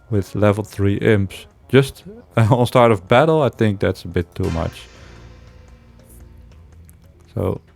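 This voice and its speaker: Low-voiced man musing over a game. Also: vocal fry, darkish tone. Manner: thinks aloud, hesitant, chuckles often. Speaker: game streamer. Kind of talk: casual let's play commentary.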